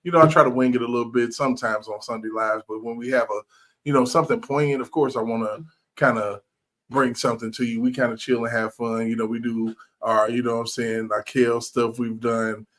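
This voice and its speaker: A man hosting a podcast, telling stories in a loose, animated way, acting out quotes and swearing freely. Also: mid-range voice, brisk. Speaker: podcast host. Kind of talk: casual chat.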